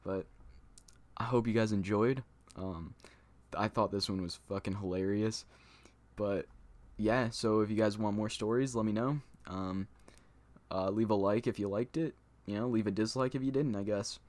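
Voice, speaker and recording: A man's voice: on the low side, steady tone, normal speed, a little mellow, dry recording. A young man telling a story in a loose vlog style, with lots of swearing, fillers and laughter. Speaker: storyteller vlogger.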